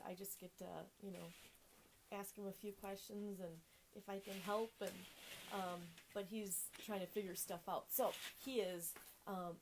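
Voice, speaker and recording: A woman co-hosts a casual livestream from a relative's house, chatting and hesitating with plenty of fillers. Her voice is mid-range, and the phone-camera recording picks up slight background noise.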